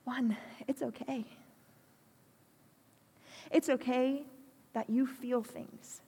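A woman preaching a sermon in a church, earnest and pastoral, speaking slowly and deliberately. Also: sits high, fairly even intonation, warm tone, husky. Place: church hall. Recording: long hall reverb.

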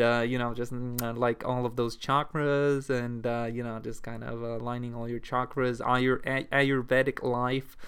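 Rambling, profane man, smooth voice. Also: medium pitch. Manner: rambling, profane, lots of fillers and restarts. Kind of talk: casual rambling monologue. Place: at home.

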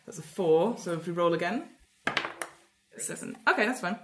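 A woman's voice: fairly low pitch, lively intonation, moderate pace. A woman narrating as game master in a tabletop game, playful and often laughing as she acts out voices. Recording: echoey room, faint noise.

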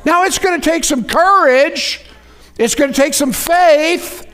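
A man preaching a sermon, folksy and lively, calling out to the congregation for responses. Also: extremely high pitch, measured pace.

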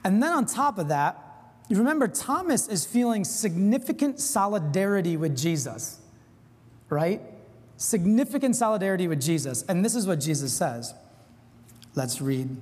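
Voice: mid-range voice, big pitch swings, normal speed, a little mellow. Earnest conversational preacher in a reverberant hall. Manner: earnest, informal, with frequent "like" asides. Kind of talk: conversational sermon.

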